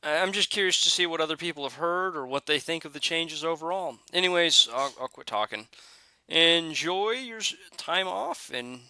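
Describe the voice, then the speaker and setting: A man talks through game changes in a relaxed, thinking-aloud way, often pausing on filler sounds and restarting his sentences. His voice is very bright and smooth. The recording is dry and close, with no room sound. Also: a little high, dry recording. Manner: hesitant, many "uh" fillers and restarts. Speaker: gaming video creator. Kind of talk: casual game commentary.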